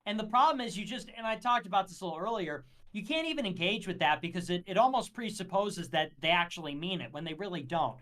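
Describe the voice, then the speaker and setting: A man talking in a heated livestream debate, making his case in a measured, lecturing, argumentative way. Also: sits high, animated, fairly bright tone. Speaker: guest.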